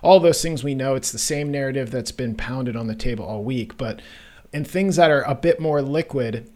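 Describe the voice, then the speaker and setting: A man's voice: medium pitch, normal speed, a little mellow. A man hosting a casual finance podcast, joking around and talking loosely with fillers. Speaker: podcast host.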